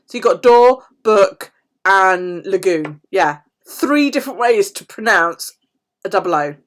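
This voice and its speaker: A British woman talks casually to her viewers in a slightly low voice. She swears freely and laughs often. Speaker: planner vlogger. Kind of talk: casual chat to live viewers.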